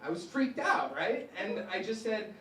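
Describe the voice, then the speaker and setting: Awkward slow young man doing stand-up. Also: high voice, sing-song, bright, forceful tone. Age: young adult. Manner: awkward, hesitant, many fillers. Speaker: stand-up comedian. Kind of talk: stand-up set. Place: stage at a small live comedy show. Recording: echoey, distant mic, noisy.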